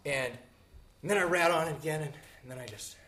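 A man in his fifties from Montana tells a personal story on stage, animated and swinging from bursts of energy to hushed low asides. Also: fairly quick.

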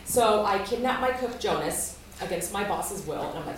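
Woman storyteller, animated and laughing, heard at a distance in a very reverberant space. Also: medium pitch, normal speed, few pauses, a little hiss or hum. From Alaska. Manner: lively, laughs often, acts out quotes. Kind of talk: live personal storytelling. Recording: echoey room, far from mic.

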